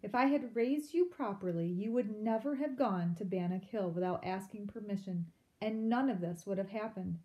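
A gloomy, self-pitying father mouse from a storybook, as a woman reader puts him on. He talks mournfully and snaps with bitterness, in a warm, dark-leaning voice. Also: medium pitch, moderate pace, hardly any pauses, natural voice. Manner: mournful, sulky, snapping.

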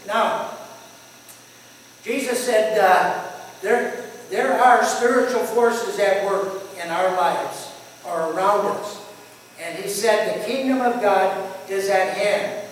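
A pastor in his eighties giving a folksy sermon, telling his own testimony and chuckling at himself. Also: high-pitched. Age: 80s. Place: church sanctuary. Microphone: distant room mic. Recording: echoey hall from far off, faint hiss.

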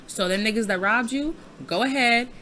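A young adult woman Let's Play creator gives casual, laughing gameplay commentary, chatting to viewers with plenty of slang and cursing. Her voice is on the high side, pushed and bright, at a moderate pace.

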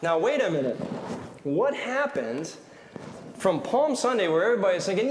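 A man leading a children's sermon in a church, playful and animated as he leads cheers and quizzes the kids. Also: a little high, moderate pace, a little hiss or hum. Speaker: pastor leading a children's message. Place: large church sanctuary. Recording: roomy church hall reverb.

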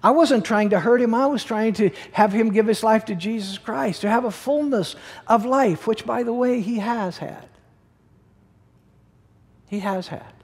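Emphatic high-voiced male pastor preaching. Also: a little mellow, husky, long reverb tail. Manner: emphatic, repeats key words, conversational asides. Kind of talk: sermon.

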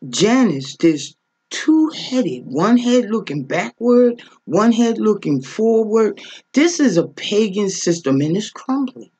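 A woman's voice: mid-range voice, sing-song, takes it slowly, dark tone, husky. A woman giving a spiritual teaching sermon as a preacher, emphatic and full of rhetorical questions, often checking in with "okay?".

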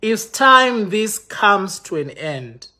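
A man with a notably high voice delivers a heated livestream rant. He sounds accusing and impassioned, and he trips over his words and restarts often as he addresses his viewers. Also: big pitch swings, takes it slowly, bright, forceful tone. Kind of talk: live-streamed rant to viewers. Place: London.

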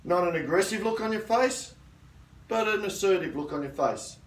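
A middle-aged man with a fairly high voice teaches self-defence in a firm, assertive way, checking in with his class as he goes. He sounds a few steps from the mic in a roomy indoor space. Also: lively intonation, moderate pace, recorded from a distance. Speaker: karate instructor.

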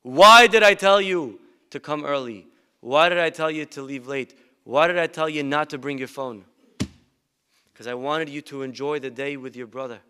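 A man's voice: a little high, normal speed, pushed and bright, smooth. A man voicing a middle-aged mother firmly instructing her son in a sermon story. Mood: stern.

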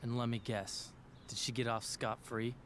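A man's voice: mid-range voice, flat delivery, normal speed, fairly bright tone, a little hiss or hum, lightly acted. An actor voicing an earnest, slightly nervous teenage boy in a video game.

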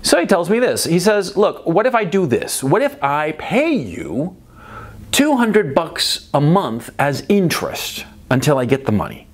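A middle-aged man recounts a story in a loose, profane monologue, sounding exasperated throughout. His pitch swings widely, rising high and dropping low, and he keeps checking in with the listener with "right?" while restarting his sentences. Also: sing-song, measured pace. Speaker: commentator telling a personal story.

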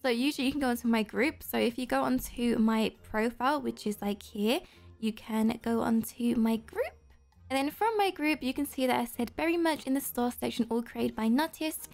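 A woman hosting a Roblox gameplay video, talking straight to her viewers in an excitable, gushing way full of gasps and squeals. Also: on the high side, normal speed, gravelly. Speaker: YouTuber host.

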